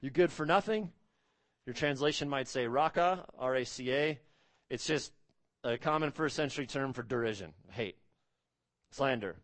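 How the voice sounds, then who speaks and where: A man's voice: normal speed, a bit bright, no echo. Emphatic male preacher, dry sound. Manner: emphatic, rising to stress key words and dropping low on solemn points. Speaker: pastor. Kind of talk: sermon.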